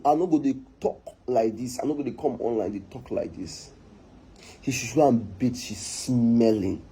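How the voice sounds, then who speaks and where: Nigerian guy ranting online, high husky voice, keeps scolding and repeating himself. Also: mellow, poor audio. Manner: repetitive, scolding, exasperated. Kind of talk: heated online rant.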